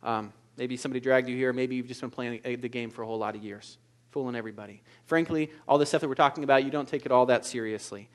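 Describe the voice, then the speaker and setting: A man preaching a sermon as pastor, moving between quiet, intimate asides and loud, emphatic exhortation. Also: mid-range voice, fast talker.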